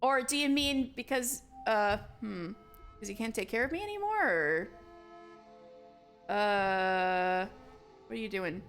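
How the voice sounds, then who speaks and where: A young woman streamer reading a story game aloud in a slow, theatrical way, breaking off for swearing asides. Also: medium pitch, big pitch swings, a bit bright, faint music behind. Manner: reads dialogue slowly and dramatically, swears and laughs in asides. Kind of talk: reading a visual novel game aloud with commentary.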